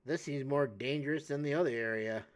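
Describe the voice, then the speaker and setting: A man's voice: medium pitch, brisk, clear, resonant tone. A male streamer giving casual, sarcastic commentary while playing a game. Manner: sarcastic, playful, jokey asides.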